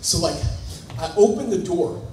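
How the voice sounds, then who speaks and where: A man speaking at a conference, telling a funny personal story to a live audience in an animated, self-mocking way, acting out the scenes. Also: fairly high pitch, moderate pace, soft background music. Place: large conference hall. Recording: echoey hall, voice picked up from a distance.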